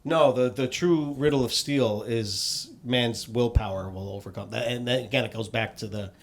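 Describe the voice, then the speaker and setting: Relaxed man in casual podcast chat. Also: mid-range voice, normal speed. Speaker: podcast co-host.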